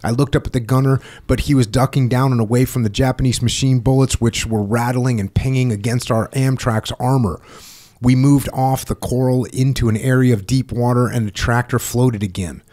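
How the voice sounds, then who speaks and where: A man hosting a podcast, reading book passages aloud at a steady measured pace and chatting with his guest. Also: mid-range voice. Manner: reads book passages steadily, then brief listening murmurs. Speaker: podcast host.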